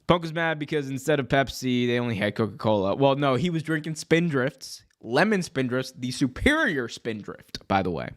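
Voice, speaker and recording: Brief: a male wrestling podcast host riffing casually, excitable and slangy, at a mid-range pitch. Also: moderate pace, hardly any pauses. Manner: excitable, jokey, lots of slang and reactions. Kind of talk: casual livestream commentary.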